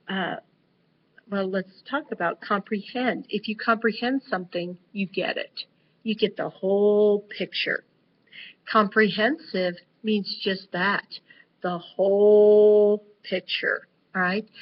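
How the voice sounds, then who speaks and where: Slow-talking woman teacher, lo-fi recording. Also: medium pitch, slightly rough. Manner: slow, deliberate, with frequent fillers. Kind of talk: recorded vocabulary lesson. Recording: dull lo-fi recording with faint noise.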